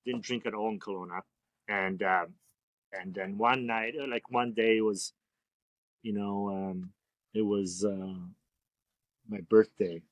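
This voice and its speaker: A man's voice: on the low side, steady tone, slow pace, long pauses, dry recording. A man speaking as a tattoo artist guest on a podcast, telling rambling, profane stories in a laid-back way. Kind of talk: casual storytelling interview.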